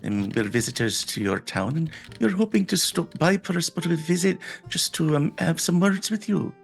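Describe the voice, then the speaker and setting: Fussy, over-polite nun, voiced by a player, chatty and creaky. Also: medium pitch, expressive, moderate pace, faint music behind, voice pushed up.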